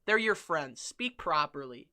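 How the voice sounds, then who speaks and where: A young American man co-hosting a podcast with a loud, brash, joking delivery. His voice is bright and slightly high. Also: expressive, a little slow. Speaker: podcast co-host. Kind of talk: casual chat. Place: home room with soundproofing.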